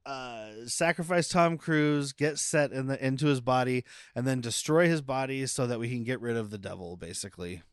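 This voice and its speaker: A man's voice: medium pitch, moderate pace, few pauses, clean tone, no room sound, clean studio sound. A man co-hosting a casual movie podcast, recapping scenes with swearing. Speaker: podcast co-host. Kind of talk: casual movie-review chat.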